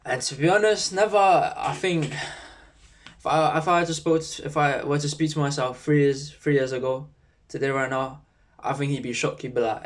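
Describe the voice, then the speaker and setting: A man's voice: mid-range voice, moderate pace. A young man, rambling casually in a self-improvement vlog, full of slang and swearing. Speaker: YouTuber.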